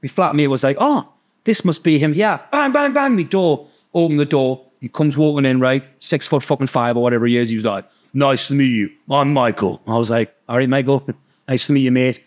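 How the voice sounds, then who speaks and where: A man with a Geordie accent telling a long, animated story in casual chat, swearing freely and acting out the other people's voices. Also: medium pitch, fairly quick. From North East England. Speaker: podcast guest storyteller.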